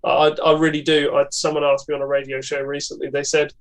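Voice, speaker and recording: A man's voice: a little high, monotone, fast. Chatty young man, podcast guest. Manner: enthusiastic, chatty, laughs often. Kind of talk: casual conversational interview.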